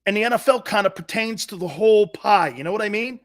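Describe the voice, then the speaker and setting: A man's voice: high voice, lively intonation, fast talker, fairly bright tone. A man hosting a sports talk show in a blunt, profane, mocking monologue, laughing often.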